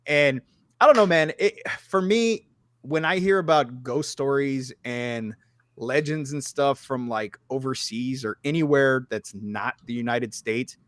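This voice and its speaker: On his podcast, a man in his thirties tells stories in a casual, animated chat, swearing freely and saying "like" a lot among other fillers. He talks a little slowly in a mid-range voice. The sound is clean studio audio with no echo.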